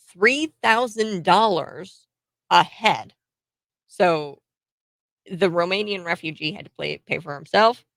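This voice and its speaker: A woman's voice: fairly low pitch, creaky, a bit bright, no room sound. A woman, hosting casual political commentary in a blunt, sarcastic way, laughing between points.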